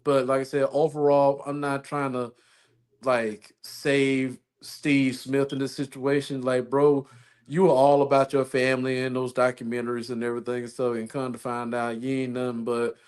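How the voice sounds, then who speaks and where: A man's voice: mid-range voice, little pitch movement, normal speed, a little mellow. A man co-hosting a podcast, chatting casually, rambling and repeating himself as he tells stories. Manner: rambling, repeats phrases, laughs often. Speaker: podcast co-host. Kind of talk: casual chat.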